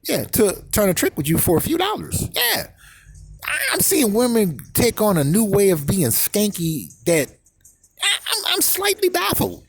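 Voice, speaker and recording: A man ranting in a crude, comedic vlog monologue, repeating words rapid-fire and mimicking voices and sound effects. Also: sits high, wildly swooping pitch, creaky, breathy edge. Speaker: vlogger.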